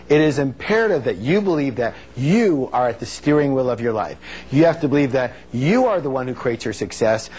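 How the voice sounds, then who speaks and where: Slight background noise sits under this man's medium-pitched, somewhat mellow voice. He's leading a live motivational seminar with emphasis and humor, asking the audience questions and having them echo lines back to him.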